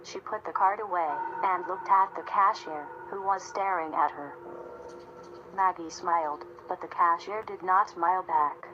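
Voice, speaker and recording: A woman reading a story aloud in a steady, measured narration. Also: lowish voice, dull audio, noisy background. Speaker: audiobook narrator. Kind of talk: scripted narration.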